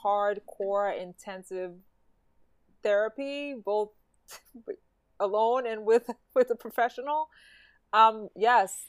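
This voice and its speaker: Reflective woman, smooth and dry. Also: mid-range voice, no room sound. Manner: reflective, halting, laughs often. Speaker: podcast co-host. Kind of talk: casual chat.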